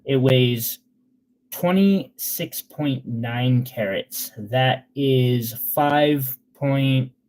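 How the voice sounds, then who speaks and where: A man's voice: medium pitch, drawn-out words, a little mellow. A man selling gemstones on a live stream, chatting in a casual, sentimental way with loose fillers. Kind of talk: casual live sales chat.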